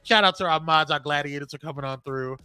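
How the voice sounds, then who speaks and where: A fast-talking, fairly high-voiced man with a New York accent co-hosts a live podcast show over poor audio. He chats casually and animatedly, reads out news, and greets viewers, shouting them out by name.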